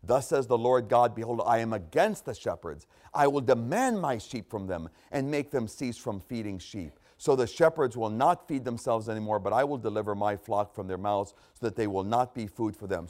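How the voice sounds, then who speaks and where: A man preaching a sermon, reading scripture aloud and explaining it, repeating phrases for emphasis and clearing his throat now and then. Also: medium pitch, a little mellow.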